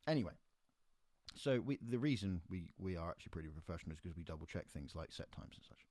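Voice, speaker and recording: A man with a very low voice tells a gig story in a relaxed, chatty way. He gets animated and slips into the voices of the people in it. The sound is close and dry. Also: fast talker, dry recording. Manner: animated teller, acts out quoted voices. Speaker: podcast host and musician. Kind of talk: casual anecdotal storytelling.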